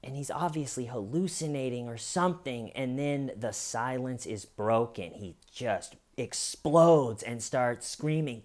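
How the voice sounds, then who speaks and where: Slow, dramatic male true crime storyteller. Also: mid-range voice, lively intonation, a little mellow. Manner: deliberate, dramatic storytelling with long pauses. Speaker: podcast host.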